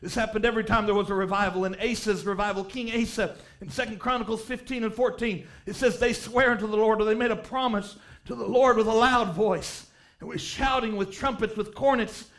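In a church revival sermon, a male preacher with a strikingly high voice reads old-style scripture aloud, building fervently until he shouts key lines. His intonation stays fairly even, and he speaks a little fast.

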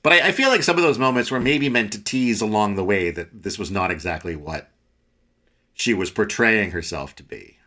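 A man with a low but bright, forceful voice talks casually about a movie with friends. He gets animated and slips into quick impressions of the characters, laughing as he goes. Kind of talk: casual film discussion.

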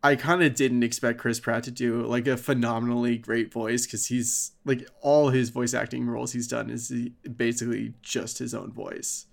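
A man's voice: mid-range voice, fairly even intonation, normal speed, gravelly, hardly any pauses. A man co-hosting a podcast, chatting casually in a rambling way with lots of fillers and swearing. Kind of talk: casual chat.

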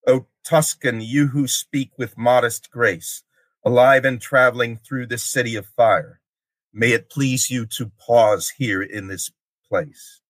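Brief: man reading proud noble heretic, slow, stately, dry sound. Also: mid-range voice, steady tone, a bit bright, dry recording. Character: proud noble male heretic rising from a tomb.

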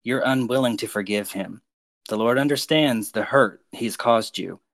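A man on a podcast delivering prophetic words to named listeners in a slow, earnest, pastoral way. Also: mid-range voice, fairly bright tone, no echo.

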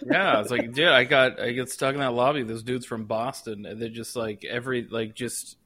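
A man's voice: mid-range voice, steady tone, moderate pace, noisy background. A man in casual chat who rambles with many fillers. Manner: rambling, with filler-heavy speech.

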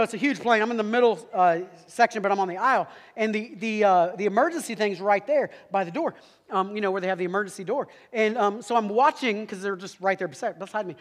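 A man telling a humorous story in a sermon, animated and quick, with asides to the audience. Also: high-pitched. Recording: long hall reverb.

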